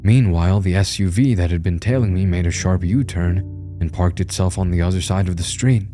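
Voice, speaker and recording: A man's voice: sits low, fairly quick, warm tone, soft background music. A man narrating a first-person horror story in a tense, grim storytelling manner.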